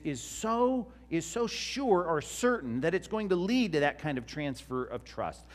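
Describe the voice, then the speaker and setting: Man, pastor, teaching sermon, conversational, fairly high voice, lively pitch. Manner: conversational, questions the congregation. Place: church before a live congregation.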